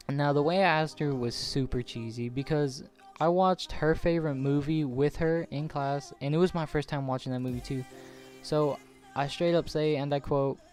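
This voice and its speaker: A man's voice: mid-range voice, darkish tone. Rambling, profane young man telling a story. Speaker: gaming channel host. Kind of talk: casual storytelling over gameplay.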